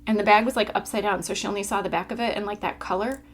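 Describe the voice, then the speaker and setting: A woman's voice: mid-range voice, steady tone, rapid-fire. A woman co-hosting a casual library podcast, chatty and laughing often as she leads with questions. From Florida. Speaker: podcast co-host. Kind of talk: casual chat.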